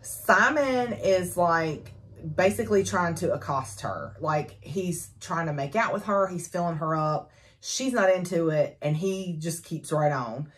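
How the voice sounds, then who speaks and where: Woman gushing through a book recap, lowish voice, chatty, laughs a lot. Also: a little slow. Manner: chatty and animated, with fillers and laughs. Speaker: book reviewer.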